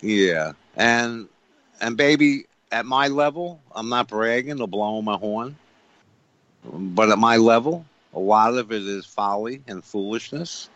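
Low-voiced man preaching emphatically. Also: unhurried, a bit bright, no room sound. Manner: emphatic, repeats lines and rhetorical questions. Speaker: radio show guest. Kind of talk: preachy spiritual talk. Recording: dull lo-fi radio sound.

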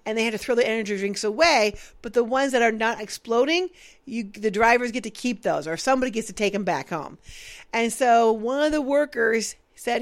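Woman, business owner, casual animated storyteller, slightly high pitch. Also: fairly quick. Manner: animated, acts out quoted dialogue.

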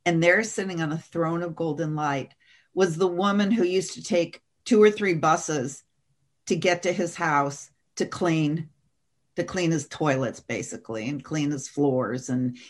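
A middle-aged woman, a guest on an interview show, telling an animated, dramatic story and often laughing. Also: sits low. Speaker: guest, author and seminar teacher.

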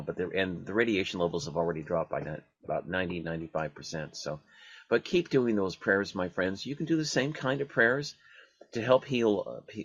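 Man with a husky, muffled voice. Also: deep voice, a bit bright, no room sound. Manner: halting, many fillers and restarts. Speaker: radio show host. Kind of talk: casual radio talk.

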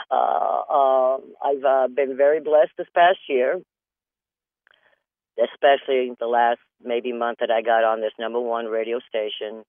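A medium-pitched man with no echo hosts a comedy show, phoning in from a closet for a rambling comic monologue and laughing at his own jokes. The line sounds tinny, and the small space is dry.

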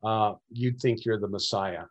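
A man's voice: on the low side, a little slow, muffled recording. Man telling a rambling story. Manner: rambling storyteller, acts out quoted dialogue. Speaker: interview guest. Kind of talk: recounting personal experiences.

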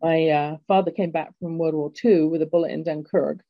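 A middle-aged woman from England hosts an interview, reflectively telling a personal story. Her voice is low and steady, a little fast, and the recording is dull, lo-fi and dry.

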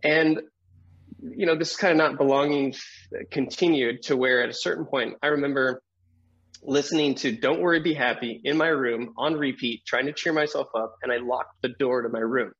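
A middle-aged man, a guest on an interview show, telling a personal story in a lively way, acting out the voices of people in it and laughing often. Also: mid-range voice, normal speed, slightly rough, highs cut off.

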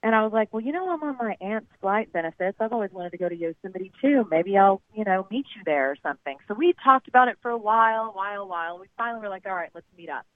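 A woman in her thirties, a guest telling a dating story in a chatty, animated way. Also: medium pitch, fast, few pauses, no echo. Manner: chatty, animated, acts out quoted voices. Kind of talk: casual storytelling. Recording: tinny phone-line sound.

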